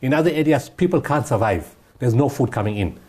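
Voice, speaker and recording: A man's voice: medium pitch, animated, a little fast, warm tone. A man giving impassioned interview answers, emphatic and repeating his points. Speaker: guest humanitarian speaker.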